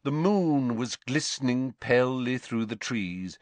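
A man narrating an audiobook in an expressive, dramatic reading. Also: mid-range voice, a little slow, dry recording.

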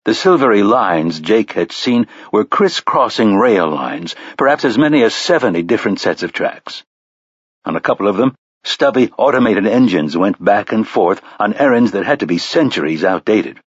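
A man narrating an audiobook in a measured storytelling manner, on a slightly dull recording. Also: fairly low pitch, lively intonation, husky, dry recording. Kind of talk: scripted narration.

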